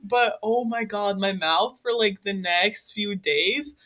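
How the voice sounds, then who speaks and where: A young woman with a bright, clear voice tells a work story in loose, casual chat. She fills almost every phrase with "like" and keeps an animated pace. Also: mid-range voice, takes it slowly. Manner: animated, fillers of "like" throughout. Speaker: podcast guest.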